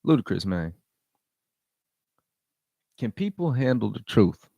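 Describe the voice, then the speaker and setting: A man's voice: fairly low pitch, sing-song, slow, gravelly, mellow, dry recording, dull audio. A man hosting his own vlog, giving blunt, profane commentary and repeating his points for emphasis. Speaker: vlog host. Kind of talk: casual rant commentary.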